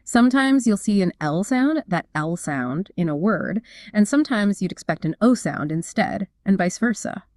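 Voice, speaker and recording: A woman's voice: medium pitch, expressive, normal speed, few pauses, a little mellow, no room sound, studio quality. Upbeat woman explaining in casual chat. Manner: upbeat, explanatory, frequent fillers. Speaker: co-host.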